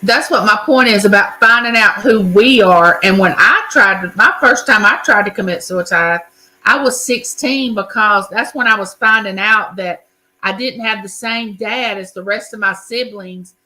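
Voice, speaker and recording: A woman's voice: medium pitch, moderate pace, pushed and bright, low-quality recording. A woman in casual chat, speaking in an emphatic, affirming way and talking frankly about personal matters. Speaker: co-host of a community chat stream.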